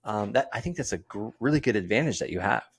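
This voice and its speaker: A man hosting a podcast, energetic and joking, ending with a salesy call to action. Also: on the low side, quick pace, husky. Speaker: podcast host. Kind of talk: casual interview and sign-off pitch. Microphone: portable setup.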